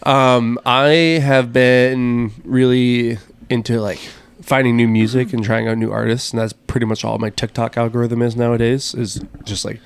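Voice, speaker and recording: A man's voice: medium pitch, gravelly. A man co-hosting a book podcast in casual chat, rambling with lots of fillers and enthusiasm. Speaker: podcast co-host.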